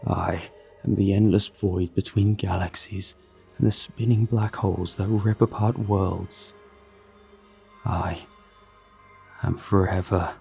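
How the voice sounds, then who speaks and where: A man voicing a menacing male monster who speaks in a slow Texas drawl and hisses his threats. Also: low voice, fairly even intonation, vocal fry, mellow, faint music behind, heavily acted. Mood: hissing.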